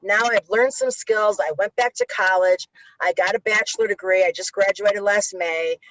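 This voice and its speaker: A woman's voice: medium pitch, steady tone, normal speed, no echo, dull audio. A middle-aged woman telling stories in an interview, swearing freely and acting out the voices of people she quotes. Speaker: guest, violence interrupter. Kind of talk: animated storytelling interview.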